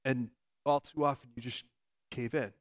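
A man in his forties preaching a sermon in a church, earnest, asking rhetorical questions and dropping to a soft voice for emphasis. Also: mid-range voice, steady tone, normal speed. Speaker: pastor.

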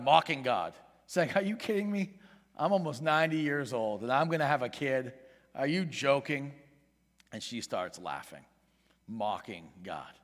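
An earnest male pastor preaching to his congregation, pleading with them and then rising in volume to drive a point home. His voice sits at an ordinary middle pitch. The sound carries a long reverb from a large church sanctuary. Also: fairly bright tone. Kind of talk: sermon.

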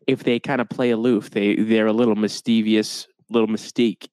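A man's voice: on the low side, flat delivery, brisk, a little mellow, clean tone, dry recording. A young man co-hosting a podcast, chatting casually with a dry, joking manner. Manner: dry, joking, puts on goofy voices. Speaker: podcast co-host. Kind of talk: casual comedic chat.

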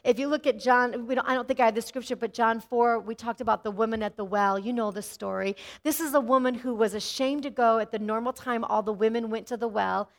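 A middle-aged woman pastor preaching an animated sermon and often calling out "amen". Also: on the high side, fairly quick, few pauses.

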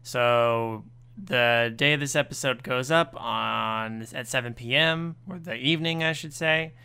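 A man's voice: medium pitch, unhurried, sharp tone, clear, resonant tone. A man co-hosting a podcast, making a casual announcement in a tired, wry, sing-song way. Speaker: podcast co-host.

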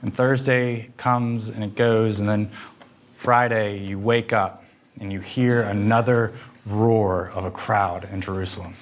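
A man's voice: on the low side, steady tone, a little slow. A man preaching a sermon that retells a story vividly in the second person, acting out the quoted lines.

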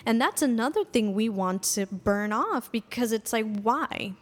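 A woman's voice: on the high side, lively intonation, a little slow. A young adult woman from a Salvadoran American background, co-hosting a podcast in casual chat, talking freely with many fillers and restarts. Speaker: podcast co-host.

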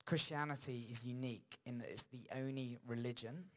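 A male pastor preaching a sermon in a church, moving between lively emphasis and slow, hushed reflective passages. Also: medium pitch.

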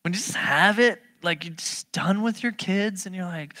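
At a moderate pace, a preacher delivers an emphatic, lively sermon full of rhetorical questions. His voice alternates between loud surges and soft, low passages, and there is no echo.

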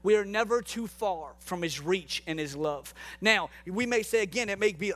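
A man's voice: high-pitched, normal speed, few pauses, a bit bright. A man preaching a sermon to a congregation in a church room, impassioned, repeating phrases for emphasis. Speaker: pastor.

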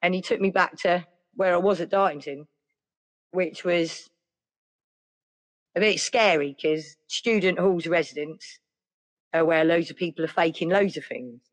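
A woman's voice: fairly low pitch, measured pace, pauses often. A woman telling a personal story in a rambling, chatty way, full of "like" and "yeah". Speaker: podcast guest. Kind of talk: casual storytelling.

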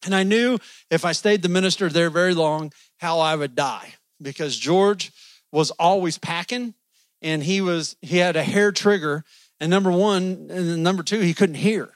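Folksy male preacher, high-pitched, joking sermon delivery, dry recording. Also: moderate pace, dry recording. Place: church.

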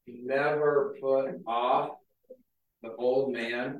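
A man preaching a casual, conversational sermon, telling stories with a lot of filler words. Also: mid-range voice. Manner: chatty, storytelling, frequent "like" fillers. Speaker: pastor. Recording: very echoey hall, mic far off.

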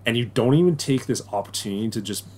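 A man's voice: mid-range voice, expressive, fast talker, a little mellow. A young man co-hosting a podcast in casual chat, rambling with lots of fillers. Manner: rambling, filler-heavy, restarts often. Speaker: podcast co-host.

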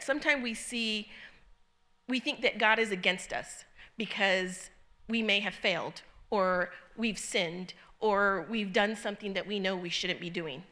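A woman's voice: medium pitch, sharp tone. A middle-aged woman giving an informal sermon to a small group, talking in a conversational, earnest way with frequent ums and restarts. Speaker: church speaker teaching a group. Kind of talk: informal sermon with personal story.

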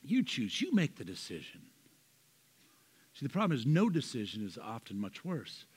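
A man preaching as pastor of a church, swinging from loud emphatic lines to soft quiet asides. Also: mid-range voice, wildly swooping pitch, moderate pace, breathy edge. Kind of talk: sermon.

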